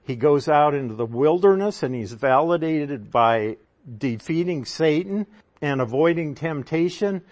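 A man's voice: a little high, a little mellow. A man preaching a sermon, teaching from scripture in a conversational, emphatic way with rhetorical questions.

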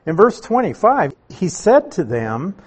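A man preaching a sermon, teaching through a Bible passage in a slow, deliberate way with emphatic stresses. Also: sits high, wildly swooping pitch, slightly rough. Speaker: pastor.

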